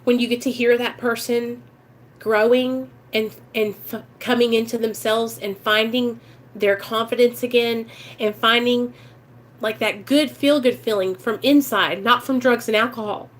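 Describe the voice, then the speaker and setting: A woman's voice: fairly high pitch, fairly even intonation, measured pace. A woman with a Midwestern American accent talking earnestly and emotionally to her viewers in a casual livestream chat about recovery. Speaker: recovery vlogger.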